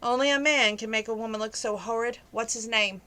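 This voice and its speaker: A woman's voice: on the high side, fairly even intonation, fairly quick, pushed and bright. A woman reading the lines of a fashionable, pushy middle-aged mother with a sugary, prodding manner. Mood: sweetly critical.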